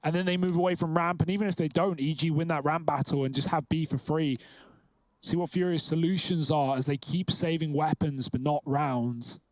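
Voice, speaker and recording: A man calling a live esports match with quick, analytical play-by-play. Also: a little high, fairly even intonation, no echo. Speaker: esports caster. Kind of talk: live game commentary.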